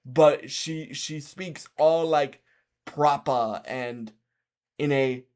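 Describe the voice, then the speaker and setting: A young man talks through a movie review, slow and unhurried, his voice sitting a bit high. He stops, restarts and repeats words often. When he turns to advice for viewers, he sounds earnest and encouraging. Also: a little mellow. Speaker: film reviewer on his own channel. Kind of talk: casual spoken movie review.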